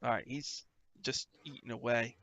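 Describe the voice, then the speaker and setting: A man narrating as game master of a tabletop game, animated and playful. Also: mid-range voice, normal speed, noisy background.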